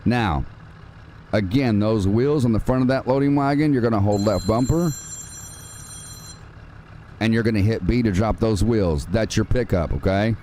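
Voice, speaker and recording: A relaxed man hosts a live gaming stream, walking his chat through each step. His voice sits a little low and sounds warm and soft-edged, with a faint hiss in the background. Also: normal speed, long pauses. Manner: casual, chatty, calls viewers man and dude. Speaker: gaming livestream host. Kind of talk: live game tutorial with chat.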